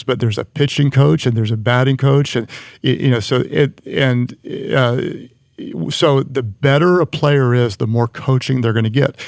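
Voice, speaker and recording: A man's voice: medium pitch, vocal fry, darkish tone, dry recording, studio quality. A man speaking as a leadership guest, explaining his advice earnestly in a conversational way, often restarting his sentences.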